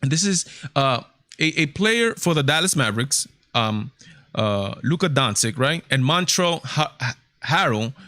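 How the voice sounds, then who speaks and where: A man's voice: medium pitch, big pitch swings, unhurried, sharp tone, dry recording, clean studio sound. A man hosting a casual livestream, talking emphatically with lots of repetition. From Hispanic heritage, United States. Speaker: show host.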